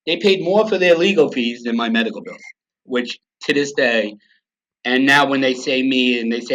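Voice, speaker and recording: A man's voice: mid-range voice, moderate pace, fairly bright tone. A middle-aged man from the United States, a podcast guest telling a personal story in a blunt, profane, emotional way. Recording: dull lo-fi sound.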